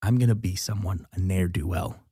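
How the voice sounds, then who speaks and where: A man's voice: low voice, steady tone, brisk, warm tone, husky, no echo, studio quality. A man hosting a comedy podcast in casual chat, goofy and jokey, often slipping into silly voices and laughing. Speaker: podcast host.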